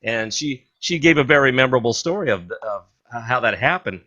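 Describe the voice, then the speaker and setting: Bright-voiced male interview host. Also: medium pitch, lively intonation. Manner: halting, many fillers and restarts. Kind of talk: interview questions. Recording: dull lo-fi audio.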